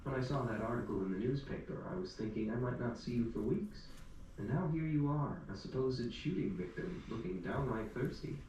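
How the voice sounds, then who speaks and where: A man's voice: mid-range voice, expressive, brisk, darkish tone, pitched above the performer's own voice, natural voice. A man voicing a perky, teasing young barmaid in an echoey room. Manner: teasing, breezy. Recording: echoey room, distant mic, faint hum.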